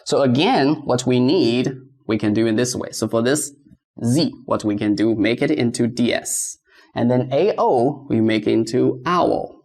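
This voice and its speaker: A man's voice: mid-range voice, unhurried, darkish tone. A man teaching beginners pronunciation, patiently repeating sounds and stressing tones. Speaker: Mandarin teacher.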